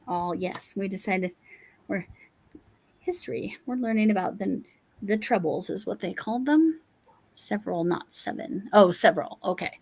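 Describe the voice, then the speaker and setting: A woman's voice: medium pitch, lively intonation, normal speed, darkish tone, breathy edge. A woman from Colorado hosting a casual crafting livestream, rambling with many restarts and fillers. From Colorado, USA. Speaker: livestream host. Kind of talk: casual chat while crafting.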